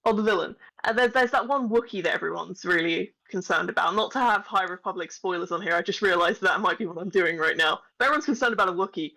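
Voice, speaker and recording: A woman's voice: fairly low pitch, fairly quick, vocal fry, hardly any pauses, pushed and bright, poor audio. A woman co-hosting a podcast, chatting casually with lots of laughter and self-deprecating asides. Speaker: podcast co-host. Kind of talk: casual chat.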